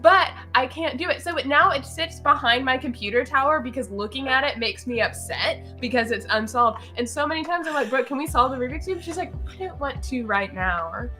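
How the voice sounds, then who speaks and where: A woman's voice: high-pitched, a little fast, hardly any pauses, bright, forceful tone, faint music behind. A woman co-host in casual chat, eager and emphatic as she explains herself. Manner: eager, emphatic, self-amused.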